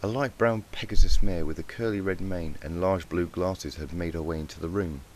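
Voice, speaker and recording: A man narrating a fan-written storybook in a steady, even reading voice. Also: low-pitched, normal speed, slight background noise. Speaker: fanfic reader.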